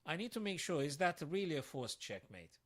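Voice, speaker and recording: A man's voice: a little high, very animated, fairly quick, a bit bright. A man streaming live chess puzzles, thinking aloud to his viewers and breaking into sudden frustrated outbursts.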